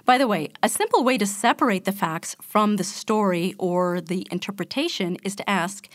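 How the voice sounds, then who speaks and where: A woman giving a self-help talk as a motivational speaker, explaining calmly and speaking straight to the listener. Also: medium pitch, dry recording, clean studio sound. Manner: calm, explanatory, addresses the listener directly.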